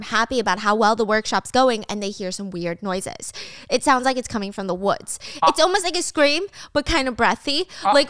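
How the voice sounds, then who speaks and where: A young woman with a somewhat high, fairly bright, clear and resonant voice recaps a drama in studio-quality audio with no room sound. She tells it casually and chattily, tossing in slangy asides and laughing often.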